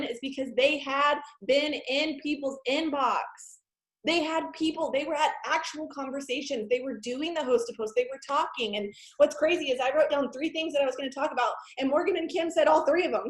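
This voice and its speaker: A woman co-hosting a sales team call, chatting excitedly and laughing as she gushes. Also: high voice, reverberant. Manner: excited, gushing, laughs often. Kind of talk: casual enthusiastic chat.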